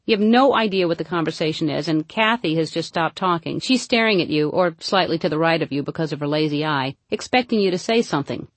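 A woman reading a humorous book aloud, mostly deadpan with sudden playful jumps into high emphasis. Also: fast talker, hardly any pauses, no echo. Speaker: narrator. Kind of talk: comic audiobook narration.

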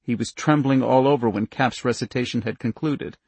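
A man narrating a novel in a gravelly, slightly husky mid-range voice. His reading is measured and even, and he drops low and soft for a character's thoughts. The sound is dry and close. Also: no room sound. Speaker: audiobook narrator. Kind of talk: scripted narration.

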